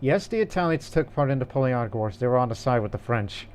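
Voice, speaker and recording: Smooth-voiced man rambling about games. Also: mid-range voice, expressive, quick pace, a little mellow. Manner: rambling, hesitant, with fillers and restarts. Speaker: podcast co-host. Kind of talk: casual gaming podcast chat.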